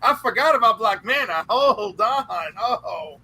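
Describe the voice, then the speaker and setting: A woman's voice: a little high, lively intonation, unhurried, pushed and bright, breathy edge, poor audio. A woman on a comics panel, gushing playfully about which villains she finds attractive in a casual group chat.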